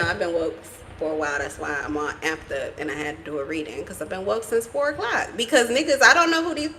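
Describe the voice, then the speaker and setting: A woman's voice: medium pitch, a bit bright. A woman giving a casual tarot reading for her vlog, blunt and profane, rambling as she talks. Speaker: tarot reader.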